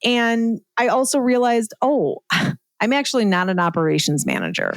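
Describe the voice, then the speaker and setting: A woman's voice: a little high, sing-song, normal speed, no echo. A middle-aged woman telling her story as a podcast guest in a casual, chatty way, full of "like" and "right?" and laughing at herself.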